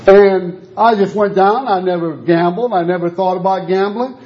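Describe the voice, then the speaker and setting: A man's voice: sits high, normal speed, hardly any pauses, darkish tone. A man preaching a sermon, telling a story and acting out the voices of the people in it. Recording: dull lo-fi sound.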